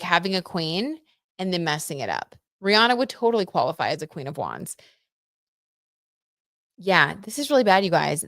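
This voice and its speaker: A chatty young woman runs a tarot livestream, talking to her viewers in an animated, filler-heavy way. Her voice sits on the lower side. The sound is dry and close, with no room around it. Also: dry recording. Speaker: tarot reader and livestream host. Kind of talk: casual livestream chat with tarot reading.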